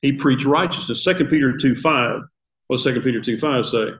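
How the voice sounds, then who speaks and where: A man's voice: medium pitch, fairly quick, a bit bright, slight background noise, low-quality recording. An older man teaching a Sunday school class in a church classroom. He talks in a conversational way, asks the class questions and chuckles at his own asides.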